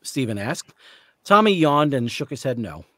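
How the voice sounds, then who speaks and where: A man reading the narration of a novel aloud in a measured storytelling way. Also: mid-range voice, very animated, a bit bright, dry recording. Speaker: author reading.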